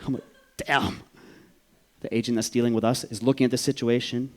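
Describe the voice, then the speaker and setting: A man, from Vancouver, telling a personal story on stage in an animated, profane way, acting out the voices. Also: mid-range voice, rapid-fire, a little hiss or hum. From Vancouver, Canada.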